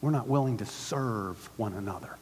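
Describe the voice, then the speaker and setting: A man preaching a sermon to his church, with call-and-response and swings from hushed to loud. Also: lowish voice, normal speed, a little hiss or hum. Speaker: pastor. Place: synagogue hall used by a church. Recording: long reverb of a large hall.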